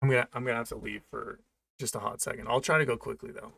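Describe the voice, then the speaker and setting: Sarcastic young man ranting, gravelly. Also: medium pitch, fairly even intonation, fast, fairly bright tone. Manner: sarcastic, slangy, repeats himself for emphasis. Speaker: movie review vlogger. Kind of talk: ranting casual movie review.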